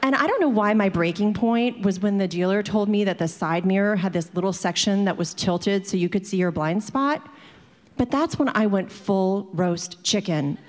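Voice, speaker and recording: A woman's voice: mid-range voice, normal speed, big-room sound. A woman telling a personal story to an audience in a chatty way, filling it with "like" and acting out the people in it.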